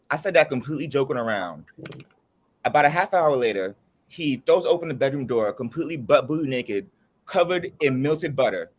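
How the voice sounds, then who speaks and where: A man in a casual group chat, telling a funny story with lots of laughter. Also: normal speed. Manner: animated, laughs often, high squeaky voice when quoting. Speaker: chat panelist.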